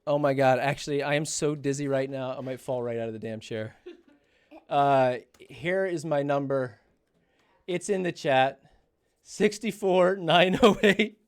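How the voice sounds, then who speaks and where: A man's voice: medium pitch, normal speed, darkish tone, clear, resonant tone. Nervous man narrating a livestream. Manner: talks to family off-mic while narrating; nervous, jittery. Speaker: streamer revealing exam results. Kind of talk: casual livestream talk.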